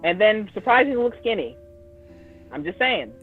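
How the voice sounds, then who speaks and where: A man chatting casually on a livestream, excited and often restarting his sentences. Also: high-pitched, moderate pace, faint music behind. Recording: slightly dull lo-fi stream audio.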